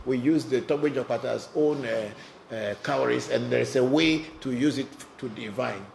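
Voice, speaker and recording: A man with a gravelly, mid-pitched voice hosts a live online Q&A, answering viewer questions as a spiritual teacher. He speaks bluntly and directly, often repeating words as he searches for the next thought, with a faint hiss of noise behind him. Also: moderate pace, a little mellow.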